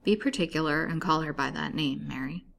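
A woman's voice: sits low, a little fast, gravelly, a bit bright, a little hiss or hum. A woman voicing a stern male asylum doctor who speaks in an abrupt, clinical way. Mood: brisk.

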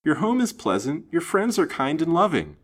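Lancelot, a man as a grave gallant gentleman. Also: lowish voice, sing-song, brisk. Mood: perplexed. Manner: courteous and formal, somewhat stiff. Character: earnest, gallant young gentleman, polite and grave. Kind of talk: storybook reading.

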